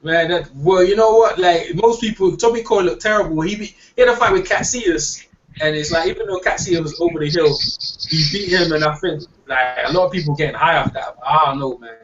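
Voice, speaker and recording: A man's voice: on the high side, a little fast. A man hosting a casual online hangout, talking in loose slang and repeating himself. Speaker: host. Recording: distant lo-fi mic with faint hiss.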